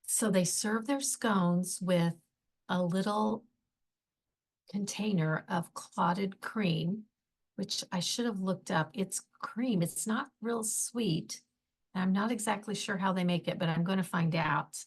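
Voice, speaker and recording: A woman hosts her own podcast and tells stories at an unhurried, easy pace. She talks in a chatty, enthusiastic way and slips in gushing little asides. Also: medium pitch, slightly rough. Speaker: podcast host. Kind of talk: casual solo podcast storytelling.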